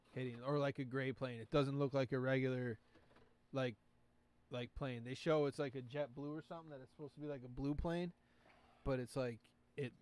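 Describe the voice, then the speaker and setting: A man's voice: mid-range voice, a little mellow. A man hosting a podcast in casual chat, rambling and profane, with lots of filler words. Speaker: podcast host.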